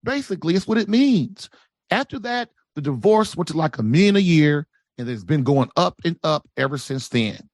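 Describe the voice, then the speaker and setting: A man giving relationship advice as a podcast guest, preachy and animated, acting out quoted voices. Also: fairly high pitch, normal speed, no echo.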